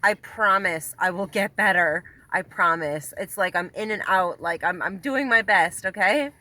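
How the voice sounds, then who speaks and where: A woman vlogger chats casually into a phone held in her hand on the ocean coast near a car, laughing often and apologizing. Her mid-range voice has a sharp tone and a measured pace.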